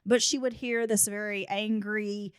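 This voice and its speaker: A woman's voice: mid-range voice, steady tone, a little slow, clean tone, no echo, studio quality. A woman hosting a true crime podcast. She narrates the case details and breaks in with blunt, casual asides. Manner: reads case notes, then adds blunt asides. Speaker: podcast host.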